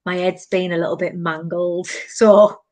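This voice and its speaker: A woman's voice: on the low side, unhurried, no room sound. A woman, telling stories animatedly in casual chat as podcast host. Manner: animated storytelling, many fillers.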